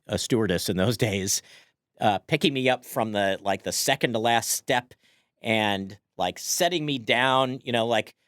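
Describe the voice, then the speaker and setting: A man's voice: on the low side, dry recording, studio quality. A man in his fifties co-hosting a casual chat, rambling and restarting, laughing often. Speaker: podcast co-host.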